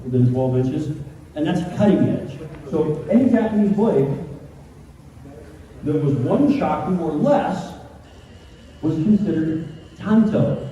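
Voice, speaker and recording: Animated man telling stories in an echoey hall. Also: a little high, muffled recording. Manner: animated, acts out voices in his stories. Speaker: convention panelist. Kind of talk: comic storytelling to a crowd. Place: large convention panel room. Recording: echoey hall, distant mic, room noise.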